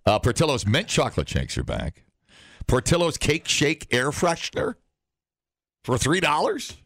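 A man riffing with his co-host on a morning show, his gravelly voice leaping all over the place as he rants and laughs. The studio sound is dry and close. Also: on the high side, measured pace, dry recording. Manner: animated, swings into loud outbursts, laughs often. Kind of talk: casual morning show banter.

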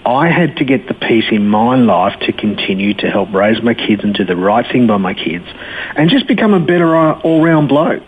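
A man's voice: medium pitch, very animated, normal speed, slightly rough. A man giving a candid personal testimony as an interview guest, telling his story in a blokey way with frequent restarts. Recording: tinny phone-like line with faint hiss.

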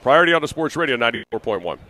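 A man's voice: mid-range voice, big pitch swings, racing, pushed and bright. A man hosting a live sports talk radio show from an arena, talking casually with plenty of fillers and restarts. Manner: conversational, rambling with fillers and restarts.

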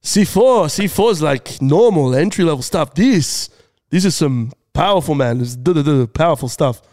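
A man's voice: a little high, lively intonation, moderate pace, darkish tone, no room sound, studio quality, natural voice. A man voicing a jittery, over-caffeinated, muscle-bound store clerk who stutters. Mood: hyped. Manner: stuttering, skittish, repeating words.

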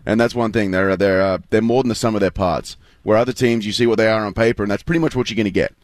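A man's voice: fairly low pitch, steady tone, fast, no room sound. A man with an Australian accent, chatting as a guest in a casual interview, rambling with fillers and restarts. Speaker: guest athlete.

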